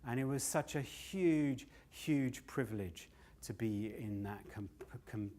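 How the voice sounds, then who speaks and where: An older man does live standup storytelling, speaking slowly in a warm, mid-range voice. He's a loose, sweary comedian who often laughs at his own tales.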